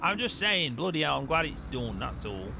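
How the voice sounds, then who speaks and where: A man's voice: fairly high pitch, big pitch swings, moderate pace, creaky, background noise. A man playing a grumpy farmer in a game role-play, grumbling and swearing constantly. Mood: complaining. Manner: grumbling, peppers every line with swearing.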